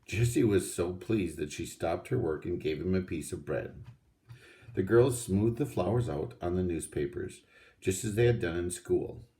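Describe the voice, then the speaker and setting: A man reading a children's storybook aloud in a steady, unhurried way. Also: low voice. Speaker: audiobook reader.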